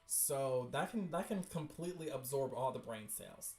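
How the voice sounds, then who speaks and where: A woman hosting a livestream, chatting excitedly and cutting in with quick asides while reading webcomics. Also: a bass voice, echoey room. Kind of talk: casual livestream chat.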